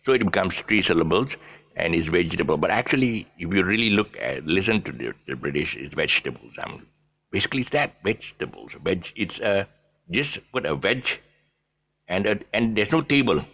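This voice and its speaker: A man with a deep, low-pitched voice and a gravelly edge teaches pronunciation in a loose, unscripted way. He stops often for fillers and restarts, and spells out letters as he explains. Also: big pitch swings, brisk, a bit bright. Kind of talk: casual pronunciation lesson.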